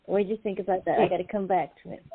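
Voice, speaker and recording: A woman's voice: mid-range voice, steady tone, racing, noisy background. Woman host, casual chat, teasing, laughs a lot, phone-like sound. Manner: laughs often, chatty and teasing. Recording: tinny phone-like online audio.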